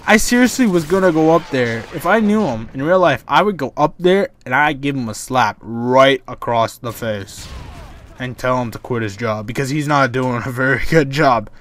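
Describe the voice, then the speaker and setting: A man's voice: mid-range voice, expressive, normal speed, fairly bright tone, slight background noise. A young man from Canada, telling a rambling, exasperated story over gameplay commentary. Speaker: gaming YouTuber.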